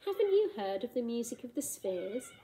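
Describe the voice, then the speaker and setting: A woman's voice: fairly high pitch, big pitch swings, normal speed, mellow, slight background noise, rough recording. A woman voicing an exhausted, defeated male space dragon monster who pleads mournfully in a storybook reading. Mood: wistful.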